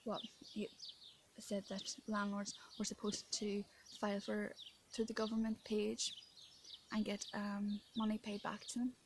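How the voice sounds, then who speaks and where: A woman's voice: medium pitch, completely flat delivery, measured pace, noisy background. An Irish woman vlogging while shaken and upset, talking indignantly and rambling, sometimes dropping into a whisper. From Ireland. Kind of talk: emotional venting to camera. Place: outdoors in rural France. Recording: outdoor recording with birdsong behind.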